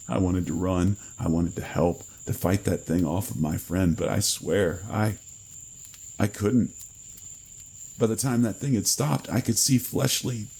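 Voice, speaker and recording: A man reading a horror story in a measured, grave manner with dramatic pauses. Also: low-pitched, creaky, a little mellow, breathy edge, poor audio. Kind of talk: scripted horror narration.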